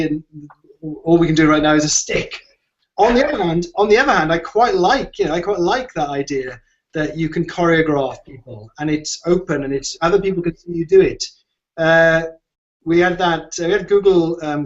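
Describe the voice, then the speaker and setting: A man answering questions in an online discussion, talking in a rambling way with many restarts and fillers. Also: fairly high pitch. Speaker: guest expert on design. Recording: muffled lo-fi audio.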